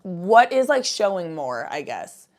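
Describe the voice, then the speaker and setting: A young woman hosts a livestream, chatting with viewers in a rambling, laid-back style and swearing freely. Her voice is on the low side, very animated and unhurried.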